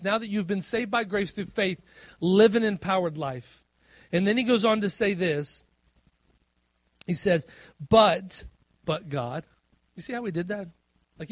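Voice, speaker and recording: Male preacher, fairly high voice, dynamic sermon delivery with drawn-out emphatic lines. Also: no echo. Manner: animated preaching, swings between loud emphasis and quiet asides. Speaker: pastor.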